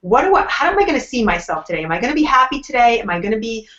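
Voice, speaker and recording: A woman's voice: fairly high pitch, big pitch swings, very fast, a bit bright. Boston-accented woman coach, lo-fi call. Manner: earnest, explanatory, asks herself questions. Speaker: life coach, co-host. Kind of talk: casual live online chat.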